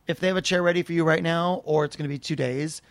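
A man telling an anecdote in casual conversation, lively and acting out the people he quotes in raised voices. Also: a little high, fast talker, no room sound.

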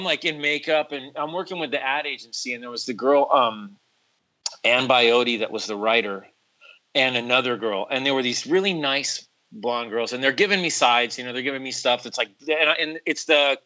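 A man in casual conversation, telling a long story. His voice sits mid-pitch with a bright, forward tone. He keeps it animated, full of "like" and "bro", and acts out what others said. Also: moderate pace, low-quality recording.

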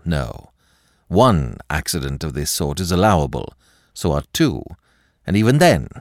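Man playing a grave, commanding gentleman thief. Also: low-pitched, no echo, studio quality, exaggerated voice. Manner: measured, grave, authoritative.

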